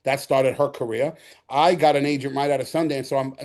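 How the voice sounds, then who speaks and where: A middle-aged man from the Bronx with a New York accent, a guest actor telling animated stories in an interview, acting out quotes and repeating himself. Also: medium pitch, fairly quick. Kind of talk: storytelling interview.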